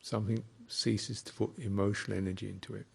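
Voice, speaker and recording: A man, a Buddhist monk, giving a slow, reflective dharma talk with thoughtful pauses. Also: fairly low pitch, flat delivery, vocal fry, breathy edge.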